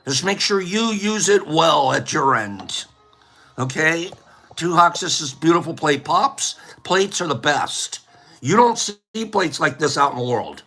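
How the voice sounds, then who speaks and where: Animated, bright-voiced man ranting jokily. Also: on the high side, unhurried. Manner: rambling, joking rants. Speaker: livestream host giving away plates. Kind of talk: casual livestream chat.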